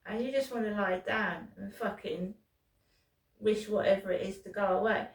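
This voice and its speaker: A woman's voice: medium pitch, moderate pace, reverberant, distant mic. A middle-aged British woman vlogging in pain, rambling and swearing with frequent restarts. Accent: British English. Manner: rambling and profane, with restarts and stumbles. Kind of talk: rambling personal vlog monologue.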